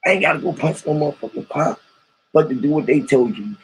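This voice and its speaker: A man's voice: a little high, lively intonation, quick pace, breathy edge, low-quality recording. A man hosting a live stream, rambling in heavy slang with profanity and lots of rhetorical questions, greeting callers who join a voice chat.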